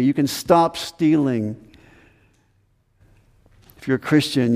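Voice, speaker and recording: A man's voice: medium pitch, a little mellow, big-room sound. A man preaching a sermon as pastor, earnest and emphatic, repeating his commands.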